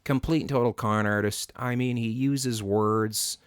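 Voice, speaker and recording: A man's voice: medium pitch, unhurried, smooth, no room sound, clean studio sound. A man hosting a casual chat, talking bluntly and profanely, with lots of fillers and restarts. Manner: blunt and profane, animated rants. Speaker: podcast host.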